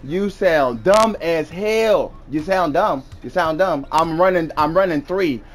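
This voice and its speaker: A man's voice: on the high side, unhurried, faint music behind. A young man gaming and trash-talking an opponent over voice chat, taunting and mocking, repeating his insults over and over. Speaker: gamer.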